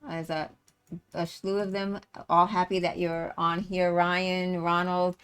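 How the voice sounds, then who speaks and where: A woman's voice: fairly low pitch, little pitch movement, takes it slowly, fairly bright tone, clear, resonant tone. A woman hosting a live stream, talking casually and rambling, with many fillers and restarts. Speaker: livestream host and tour organizer.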